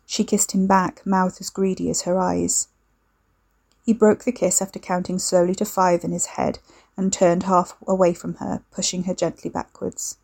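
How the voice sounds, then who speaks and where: A woman narrating a dark fiction story in a measured, steady reading. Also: fairly low pitch, gravelly. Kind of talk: scripted audiobook narration.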